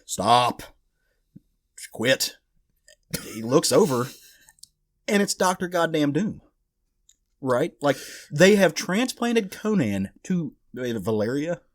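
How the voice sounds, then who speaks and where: Speaking slowly with long pauses, a man with a slightly high voice is heard in clean studio sound with no room tone. He co-hosts a casual comic book podcast, retelling a comic story as an animated storyteller who acts out characters and swears.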